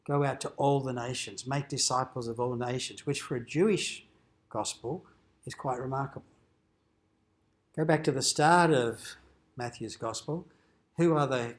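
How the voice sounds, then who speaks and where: A man, a dean, giving an informal teaching lecture at a cathedral forum, explaining in a conversational way and lifting his voice for quoted lines. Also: mid-range voice. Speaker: dean presenting an adult education forum.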